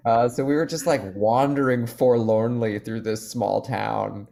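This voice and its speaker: A young adult man, a guest actor in a casual podcast chat, telling stories and acting out quotes in loud, high voices. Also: fairly even intonation, unhurried, creaky.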